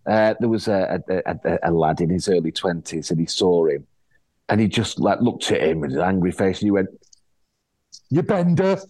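A man's voice: low voice, fairly quick, no echo. A middle-aged man, telling anecdotes in casual chat as an actor guest, acting out the voices of people he quotes. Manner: animated storyteller, acts out quoted voices, frequent restarts.

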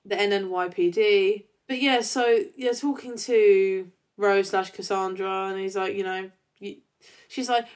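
A woman co-hosting a fan podcast, recounting scenes in a chatty, animated way and acting out the characters' lines. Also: medium pitch, measured pace. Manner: chatty with many fillers. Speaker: podcast co-host. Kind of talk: casual fan chat.

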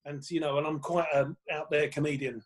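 Animated man telling comedy stories. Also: fairly high pitch, a little fast, poor audio. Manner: rambling, animated anecdotes with swearing. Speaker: comedian guest. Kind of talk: casual podcast chat, storytelling.

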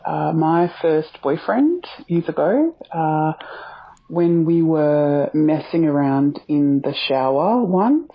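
A woman's voice: deep voice, expressive, husky, highs cut off. A woman caller leaving a hesitant voice message with an altered voice, full of fillers. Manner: slow, hesitant, many fillers. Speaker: caller confessing a secret. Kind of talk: recorded voice message.

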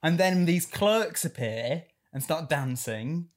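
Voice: medium pitch, animated, slow. A podcast co-host in casual film chat, playful and punning. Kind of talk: casual chat about films.

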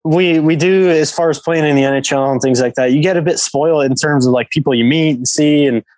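A man's voice: fairly high pitch, brisk, a little mellow, no room sound, poor audio. A man from England, a professional hockey player guesting on a podcast, telling a story in a rambling way full of fillers. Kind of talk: casual storytelling.

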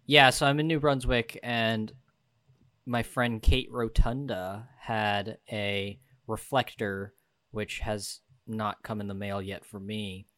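A man's voice: fairly low pitch, level tone, slow pace, a bit bright, no room sound. A young man co-hosting a podcast in casual banter, with frequent restarts and fillers. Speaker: podcast co-host.

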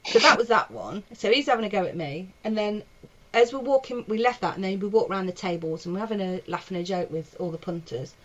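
Animated woman telling a story. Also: medium pitch, brisk, highs cut off. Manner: animated, acts out quotes, swears freely. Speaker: stand-up comedian, podcast guest. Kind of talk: casual storytelling chat. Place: back bedroom at home.

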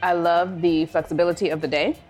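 A woman's voice: lowish voice, brisk, soft background music. A woman from Chicago, a wine consultant, telling stories in a casual vlog and acting out the voices of people in them. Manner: animated, acts out quoted voices.

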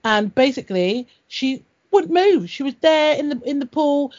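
A woman's voice: high voice, animated, moderate pace, a little mellow. A woman in a casual chat, blunt and sweary, telling stories with laughs. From Britain. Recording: dull lo-fi audio.

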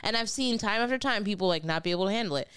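A young woman hosting a podcast, telling stories in a casual, animated way. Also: medium pitch, very fast, clear, resonant tone. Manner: animated storytelling with laughs. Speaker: podcast host. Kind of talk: casual chat.

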